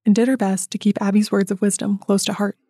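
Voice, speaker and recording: A woman narrating a scripted sports documentary with an even, measured delivery. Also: medium pitch, no room sound. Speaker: narrator and interviewer.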